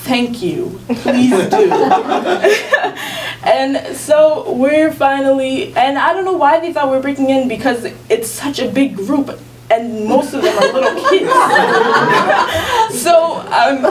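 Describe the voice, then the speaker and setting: A woman's voice: high-pitched, expressive, a little slow, over a noisy crowd. A teenage girl telling a personal story at a school event, talking casually with lots of fillers and laughter. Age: teens. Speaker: student storyteller. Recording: distant mic with faint room ambience.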